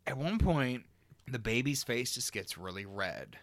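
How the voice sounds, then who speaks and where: A man co-hosting a podcast, telling a story in a casual, profane, animated way. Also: mid-range voice, measured pace, no echo. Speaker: podcast co-host. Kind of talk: casual chat.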